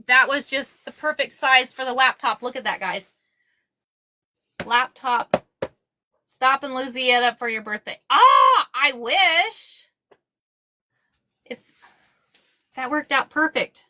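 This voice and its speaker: Excitable woman chatting while sewing. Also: sits high, slow, pauses often. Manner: excitable, repeats herself, says y'all often. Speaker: craft livestream host. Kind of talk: casual livestream chat while sewing.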